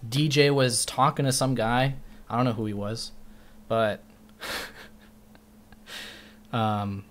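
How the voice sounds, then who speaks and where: A male streamer telling a long story in casual chat, rambling and swearing freely, and jumping into animated voices when he quotes people. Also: mid-range voice, extremely slow, a little hiss or hum.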